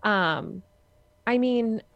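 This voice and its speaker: A woman's voice: fairly high pitch, very slow, creaky, no echo, lo-fi sound. Earnest, emphatic woman in dry casual chat. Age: adult with a young son. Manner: earnest, emphatic, repeats for stress. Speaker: podcast co-host.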